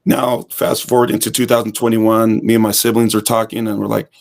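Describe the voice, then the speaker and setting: On an interview show, a male guest who teaches hip hop fitness recounts his story in a relaxed way. His voice sits on the low side, creaky and brisk, and he brings quoted lines to life as an animated storyteller.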